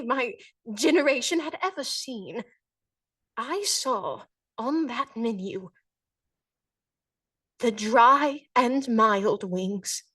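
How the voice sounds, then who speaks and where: Woman doing a mock-regal British lady, put-on accent, highish voice, slightly distant mic. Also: fairly bright tone, heavily acted. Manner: grand, mock-regal storytelling. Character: posh British noblewoman reviewing a restaurant.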